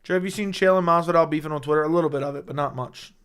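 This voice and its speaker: Excitable young man chatting on a stream. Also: a little high, very fast, clean tone. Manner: excitable, swears, rambling with restarts. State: losing his voice. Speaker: MMA livestream host. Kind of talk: casual livestream chat reading chat.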